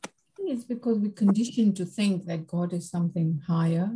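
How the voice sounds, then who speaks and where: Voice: medium pitch, brisk, warm tone, slightly rough, poor audio. A class member answering the teacher thoughtfully, with a few hesitations. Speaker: class participant.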